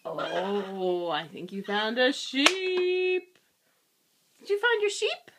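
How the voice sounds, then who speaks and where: A woman's voice: fairly high pitch, extremely slow, background noise. A young woman talking baby talk to her infant in a sing-song, cooing way, asking simple questions. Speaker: parent filming her baby.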